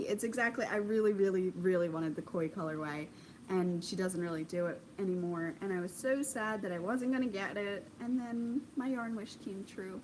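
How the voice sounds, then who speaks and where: A woman's voice: medium pitch, moderate pace, low-quality recording. Casting: young woman, home knitting vlogger, bubbly and rambling, light hiss on the track. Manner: gushing, chatty, many ums, bursts of excitement. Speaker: knitting podcast host. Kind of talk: casual chat. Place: home craft corner, indoors.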